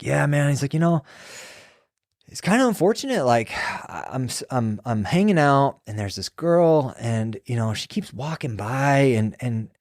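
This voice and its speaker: A man's voice: medium pitch, darkish tone, no echo, studio quality. A man, a former prison sergeant, telling stories in loose, profane casual talk and acting out what people said. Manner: loose and profane, acts out quoted dialogue. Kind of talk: casual storytelling conversation.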